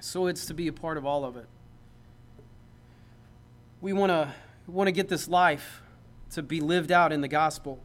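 A man's voice: fairly high pitch, moderate pace, pauses often. A man, a pastor, preaching a sermon in a conversational, joking way that builds to emphatic points.

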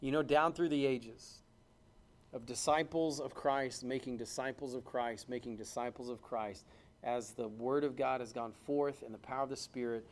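A man preaching a sermon at a church service, quoting scripture in old King James wording and swinging between loud, fast exclamation and low, hushed emphasis. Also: steady tone.

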